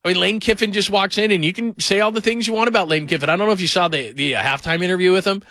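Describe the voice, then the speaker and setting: A man hosting a call-in sports radio show, his voice high and bright. He talks in an animated, rambling run. It sounds close and dry at a studio mic. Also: racing, dry recording. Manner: animated, rambling, mimics people in put-on voices.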